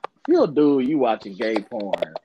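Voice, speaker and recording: A woman's voice: extremely low pitch, sing-song, normal speed, muffled recording, background noise. A woman in casual conversation, talking animatedly, swearing freely and laughing often. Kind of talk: casual chat.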